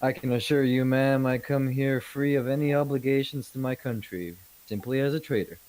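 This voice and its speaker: A man's voice: medium pitch, moderate pace, a little mellow, no echo, natural voice, poor audio. A man playing a formal, polite naval captain speaking as a trader and diplomat. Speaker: player.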